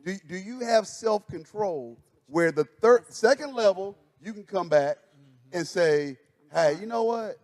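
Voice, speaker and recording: A man, a pastor, chatting casually and telling stories with lively acted-out quotes. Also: sits high, unhurried. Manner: animated storytelling, acts out quotes. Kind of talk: casual chat. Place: church stage.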